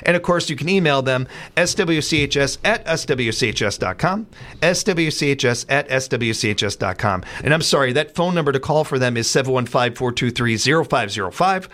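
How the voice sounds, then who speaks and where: Rambling radio host. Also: male voice, medium pitch, expressive, a little fast, a bit bright. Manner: rambling, stumbles and restarts, folksy. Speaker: radio morning show host. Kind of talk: casual radio chat with community announcements. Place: radio studio.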